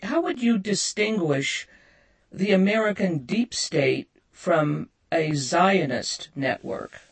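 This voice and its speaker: Slow-spoken woman interviewer, breathy. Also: fairly low pitch, animated. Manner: slow, measured questioning. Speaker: interview host. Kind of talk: interview questions.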